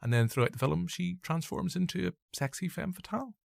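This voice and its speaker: Norn irish guy chatting films, bit gravelly, self-mocking, dry room. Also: sits high, expressive, fairly quick, no echo. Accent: Northern Irish. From Northern Ireland. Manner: rambling, jokey, self-deprecating. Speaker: podcast host. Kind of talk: casual film review chat.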